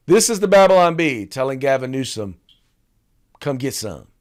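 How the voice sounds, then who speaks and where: A man's voice: mid-range voice, very animated, moderate pace. Teasing male podcast host. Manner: chatty, teasing, full of restarts and asides. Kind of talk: casual political commentary.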